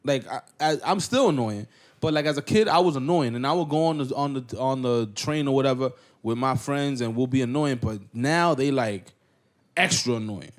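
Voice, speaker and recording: A man's voice: mid-range voice, animated, normal speed. A man hosting a podcast, chatting casually with blunt, teasing jokes. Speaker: podcast host.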